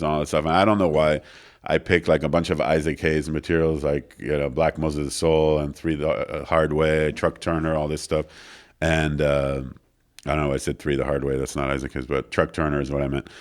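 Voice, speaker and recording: A man interview guest casually telling a long anecdote in a studio, acting out the other people in it and using many fillers. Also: extremely low pitch. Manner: animated anecdote with quoted voices, filler-heavy. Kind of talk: casual storytelling. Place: recording studio.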